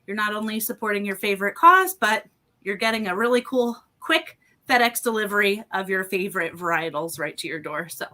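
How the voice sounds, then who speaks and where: On a casual live podcast over a video call, a woman who sells wine and co-hosts fundraisers presents in a mid-range, sharp-toned voice, fairly quick with lively intonation. She is chatty and upbeat, full of ums and you-knows, and sounds slightly out of breath.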